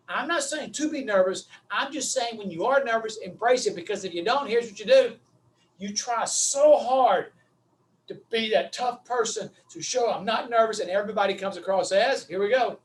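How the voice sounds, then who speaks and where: A man's voice: extremely high pitch, far from the mic. A middle-aged man, coaching on public speaking in an emphatic, repetitive, punchy style over a video call. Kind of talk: animated coaching talk.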